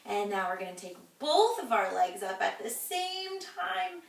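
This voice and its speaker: A woman with a high voice leads a children's yoga class, talking the kids through each pose in a cheerful, encouraging way. She sounds set back from the mic, and her voice rings around an echoey room. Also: sing-song, measured pace, vocal fry, distant mic. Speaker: kids' yoga instructor.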